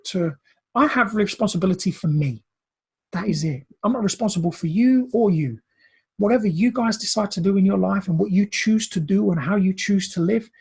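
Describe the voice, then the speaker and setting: A man's voice: high-pitched, creaky, darkish tone, breathy edge. A Brazilian-born man in recovery coaching, telling a personal story in an earnest, emotional way, often repeating words.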